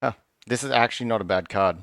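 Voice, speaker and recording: Low-voiced man musing over cards. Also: fast talker, vocal fry, a bit bright, no room sound, studio quality. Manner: musing, half-sarcastic, self-interrupting. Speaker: card review channel host. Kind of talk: casual card review commentary.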